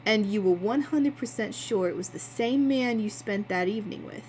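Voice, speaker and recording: A woman voicing a calm male investigator who asks measured, probing questions in a slightly lowered voice. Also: slight background noise, natural voice, low-quality recording.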